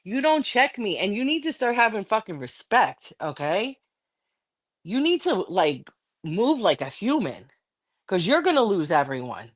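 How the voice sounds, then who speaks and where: A woman's voice: medium pitch, big pitch swings, unhurried. Angry profane woman ranting on stream. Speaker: livestreamer. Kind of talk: heated livestream rant.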